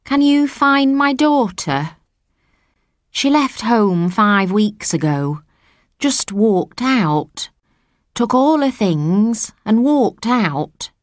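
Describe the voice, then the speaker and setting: A woman's voice: fairly high pitch, animated, extremely slow, no echo, voice pushed up. A woman voicing a worried, tearful mother of about forty, pleading and close to tears in an audiobook story.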